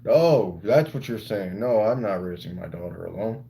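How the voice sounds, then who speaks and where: Young guy on a livestream, kinda low voice, just rambling and cussing with chat. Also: expressive, normal speed, creaky, warm tone. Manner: loose and rambling, swears freely. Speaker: live streamer. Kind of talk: casual livestream chat with viewers.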